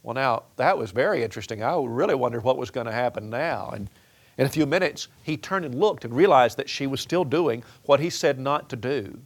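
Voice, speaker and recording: A man's voice: medium pitch, lively intonation, brisk. A middle-aged man preaching a sermon-style talk on raising children, earnest, often repeating words as he restarts his sentences. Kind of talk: sermon-style teaching on parenting.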